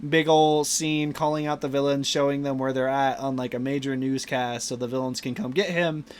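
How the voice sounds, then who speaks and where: A man's voice: medium pitch, steady tone, moderate pace, clear, resonant tone. A man hosting a podcast, animatedly retelling movie scenes in casual chat and laughing often. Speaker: podcast host.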